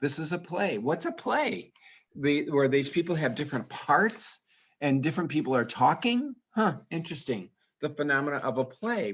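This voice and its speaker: A man from England gives a playful talk to educators, tossing out rhetorical questions and musing aloud. His voice sits a little high for a man. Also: big pitch swings, moderate pace, fairly bright tone, breathy edge. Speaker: guest speaker.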